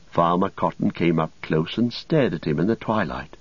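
Audiobook narrator, male, deep husky voice, measured, lo-fi sound. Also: expressive, dry recording. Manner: measured storytelling. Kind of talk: scripted narration. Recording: dull lo-fi recording.

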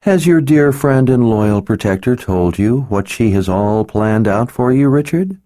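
A man voicing a sly, seductive woman in disguise who teases slowly and knowingly, in an audiobook. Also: mid-range voice, lively intonation, warm tone, no room sound, clean studio sound, voice pushed up, close to an everyday voice. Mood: sly teasing. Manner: teasing, knowing, unhurried.

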